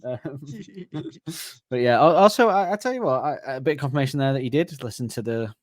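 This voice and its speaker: A man's voice: mid-range voice, lively intonation, quick pace, no room sound, studio quality. A man hosting a podcast in casual chat, chatty and laughing often. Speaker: podcast host.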